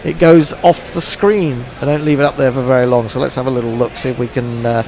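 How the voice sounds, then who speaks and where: Gravelly chatty male cricket commentator. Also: medium pitch, steady tone, fast talker, a little mellow. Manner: chatty, dry humour, frequent uh fillers. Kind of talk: relaxed online radio commentary. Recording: faint background noise.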